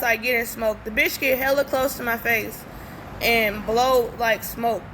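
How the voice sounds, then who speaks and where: A young storytime vlogger tells a story casually, blunt and profane, animatedly acting out the quoted dialogue. Her voice is on the high side, with a little hiss or hum in the recording.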